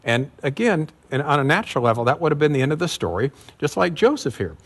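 A man's voice: on the high side, very animated, fast talker, fairly bright tone, husky. Man preaching a conversational sermon. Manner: conversational teaching with fillers and emphatic repetition. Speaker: pastor. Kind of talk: expository sermon.

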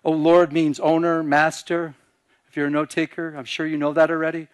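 Male pastor, high-pitched, lively sermon delivery, dry close recording. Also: moderate pace, no echo. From Michigan. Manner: animated, acts out dialogue in quieter voices.

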